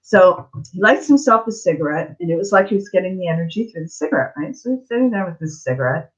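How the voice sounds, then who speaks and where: Fast and lively in intonation, this fairly low-pitched woman is a middle-aged psychic tarot reader. On her live Q&A stream she spins a casual story bluntly and chattily, drifting into tangents, over slightly dull lo-fi audio.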